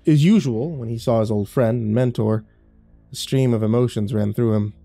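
A man narrating a scripted horror story in a measured, dramatic way. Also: medium pitch, creaky, mellow, dry recording, soft background music.

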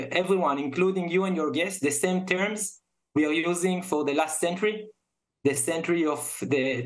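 A man in his forties with an Israeli accent, guest in an interview, tearful and halting, repeating words as he speaks with deep emotion. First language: Hebrew.

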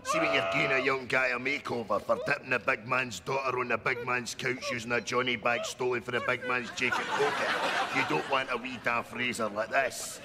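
A crude, swaggering Scottish tough guy who boasts loudly, played by a man with a mid-pitched voice. A loud hiss sits over the TV sound. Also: steady tone, fairly quick, close to an everyday voice. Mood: boastful. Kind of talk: sketch comedy acting.

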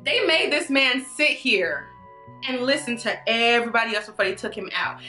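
Give me a lively woman vlogger with a high voice, chatty, in an echoey room. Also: moderate pace. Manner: animated, laughing, chatty, says y'all. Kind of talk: storytime vlog. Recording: echoey room, faint music.

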